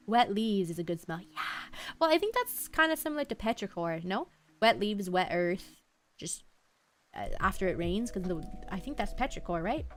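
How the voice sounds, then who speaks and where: A young woman streaming live, chatting softly and calmly, with a quiet, slightly mumbled way of talking and wandering thoughts. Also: medium pitch, moderate pace. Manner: soft-spoken, mumbling, drifting thoughts. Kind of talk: relaxed live-stream chat. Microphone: headphones half off, desk mic.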